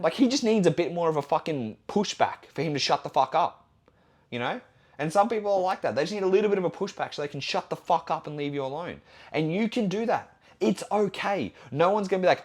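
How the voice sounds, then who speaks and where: A man's voice: on the high side, animated, a little fast. A young Australian man hosting a solo podcast as a fitness trainer, talking bluntly and assertively with plenty of swearing.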